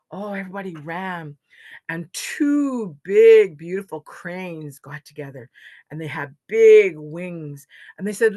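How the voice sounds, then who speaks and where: A woman's voice: medium pitch, takes it slowly, no echo. A woman from Canada telling a traditional legend as a storyteller, with dramatic rises and falls. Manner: expressive, dramatic dynamics. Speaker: storyteller, knowledge keeper. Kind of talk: oral storytelling to an audience.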